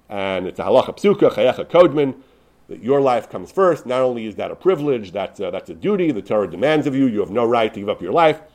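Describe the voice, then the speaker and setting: A man's voice: mid-range voice, darkish tone. A man teaching through a story, explaining religious law, often repeating words as he goes. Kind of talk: storytelling lesson.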